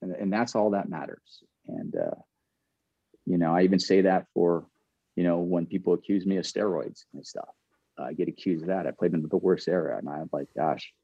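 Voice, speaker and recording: A man's voice: low-pitched, big pitch swings, normal speed, vocal fry, warm tone, slightly rough, dry recording, muffled recording. An earnest man in middle age, a former pro ball player telling a candid story, often repeating and restarting his phrases.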